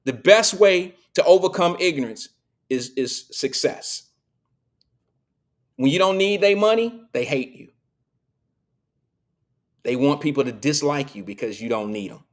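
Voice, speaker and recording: A man's voice: a little high, sing-song, moderate pace, long pauses. Slangy man preaching on a live show. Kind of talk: casual monologue to a live audience.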